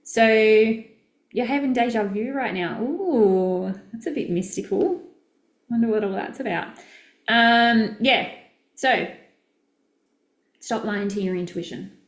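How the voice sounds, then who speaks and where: A woman's voice: on the high side, slow pace, pauses often. Upbeat aussie lady coaching live, direct and chatty, bit of room echo. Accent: Australian. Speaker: business coach. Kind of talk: casual live-stream teaching.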